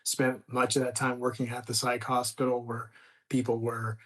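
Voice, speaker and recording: A middle-aged man, a screenwriter chatting as an interview guest, rambling with many restarts and trailing off softly. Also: mid-range voice, completely flat delivery, moderate pace. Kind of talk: casual interview conversation.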